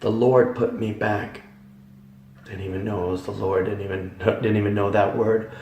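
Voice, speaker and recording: A man giving a dramatic Christian testimony, emphatic, swinging from hushed tones to loud ones. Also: fairly low pitch, little pitch movement, moderate pace, muffled recording. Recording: echoey hall, voice from far off.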